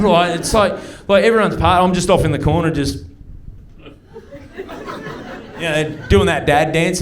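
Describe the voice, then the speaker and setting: A middle-aged Australian comedian talks to a live club crowd through a handheld mic. His voice sits a little high for a man, and his punchy, chatty storytelling slips into quick mock voices. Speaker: stand-up comedian. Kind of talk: stand-up comedy set. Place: comedy club stage before a live audience.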